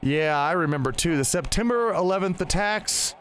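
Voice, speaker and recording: A man with a notably high voice hosts a laid-back podcast chat. He rambles in a friendly way, laughs easily and trips over his own restarts, with faint music behind him. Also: expressive, moderate pace, a bit bright. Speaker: podcast host.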